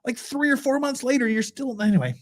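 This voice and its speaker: A man's voice: very high voice, lively intonation, brisk. A man, a lawyer, giving casual reaction commentary as he reads a blog aloud, talking conversationally with exasperated asides.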